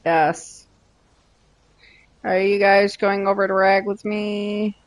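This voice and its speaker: Slow-talking playful woman streamer. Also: mid-range voice, steady tone. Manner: playful, teasing, drawn-out. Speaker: game streamer. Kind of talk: casual chat while gaming.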